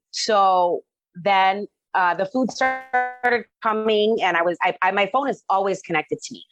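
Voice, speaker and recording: A woman's voice: on the low side, dry recording. A middle-aged woman casually telling a personal story, rambling with fillers and restarts. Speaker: guest telling her story. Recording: dull lo-fi dry sound.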